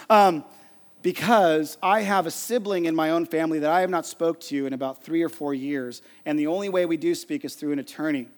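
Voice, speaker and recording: A man gives a sermon in a conversational way, acting out quotes and stories as he goes. His voice sits high for a man. The sound carries a long reverb, as in a church hall. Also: fairly quick. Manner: animated, conversational preaching with acted-out quotes. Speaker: pastor.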